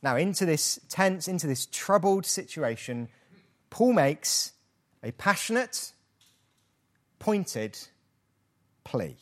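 A man's voice: fairly high pitch, slow, long pauses. A British man preaching a sermon, with rhetorical questions and playful asides. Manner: lively, rhetorical questions, mock-hesitant asides.

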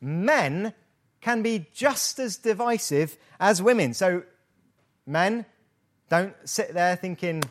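A man's voice: high-pitched, slow pace. A British man preaching a sermon, with rhetorical questions and playful asides. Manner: lively, rhetorical questions, mock-hesitant asides.

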